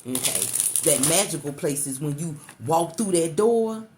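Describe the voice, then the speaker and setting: A middle-aged woman with a low, expressive voice gives the viewer an intuitive tarot reading at a measured pace, over a noisy background. She coaxes and repeats herself, calling the listener baby.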